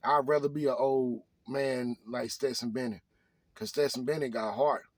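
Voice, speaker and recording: A man's voice: mid-range voice, steady tone, moderate pace, dry recording. A man delivering a motivational rant to his viewers, hammering the same rhetorical questions again and again in slangy speech. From Arkansas. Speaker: vlogger.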